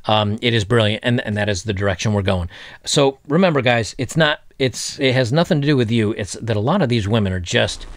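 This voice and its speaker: A man's voice: mid-range voice, fairly quick, no room sound, clean studio sound. A man hosting his own dating commentary vlog, talking casually with crude jokes and laughing at himself. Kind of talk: casual monologue.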